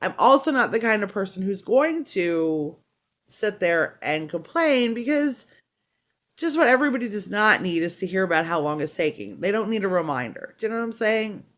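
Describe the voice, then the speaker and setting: A woman's voice: mid-range voice, sing-song, moderate pace, fairly bright tone. A middle-aged woman vlogging while she crochets, telling a long story in a rambling, chatty way and laughing often. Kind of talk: casual storytelling chat.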